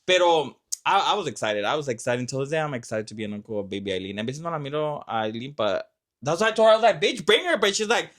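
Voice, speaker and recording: A man's voice: medium pitch, rapid-fire. A young man hosting a vlog, telling stories in a loose casual chat full of fillers and swearing. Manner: animated storytelling, lots of fillers and swearing. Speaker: vlog host.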